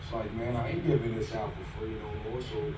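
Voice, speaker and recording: A man's voice: lowish voice, flat delivery, fairly quick. Laid-back man in an echoey archive interview. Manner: laid-back street slang. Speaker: interview guest. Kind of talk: casual interview talk. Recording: echoey room, far from the mic, with noise.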